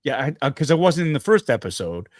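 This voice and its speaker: A man's voice: on the high side, fast talker, no room sound, clean studio sound. A middle-aged man, a guest actor, telling stories in a casual stream chat and acting out the quotes. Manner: animated storyteller, acts out quotes.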